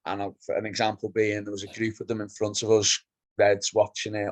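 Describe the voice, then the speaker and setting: Man, low voice, dry sound; casual podcast co-host who tells animated fan stories. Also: brisk, no echo, low-quality recording. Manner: animated storyteller, acts out pub exchanges. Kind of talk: casual football chat.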